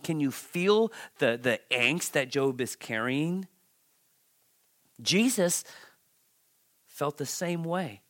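A man preaching a sermon in an unhurried, deliberate way. His voice sits a little higher than most men's. He is dramatic, jumping from loud bursts to soft hushed lines, and he often stumbles, repeats words and starts again. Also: lively intonation. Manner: dramatic, swings from loud outbursts to hushed near-whispers; halting, repeats words and restarts. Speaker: pastor. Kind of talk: sermon, Bible teaching.

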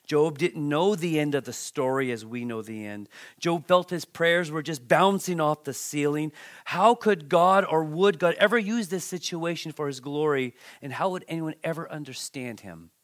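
A man's voice: fairly high pitch, normal speed, a bit bright. A man preaching a sermon, reading scripture with dramatic emphasis and turning to the congregation with conversational asides. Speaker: pastor.

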